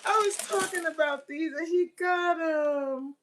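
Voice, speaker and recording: A woman coaching on relationships in a casual live-stream chat, excitable and talking straight to her viewers as y'all. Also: very high voice, unhurried, hardly any pauses.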